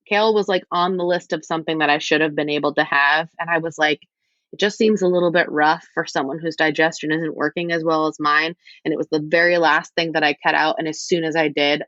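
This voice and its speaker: A woman's voice: low voice, fairly bright tone, no echo, dull audio. A woman talking as a podcast guest, frank and rambling with wry self-deprecating asides. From United States. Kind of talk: candid conversational interview.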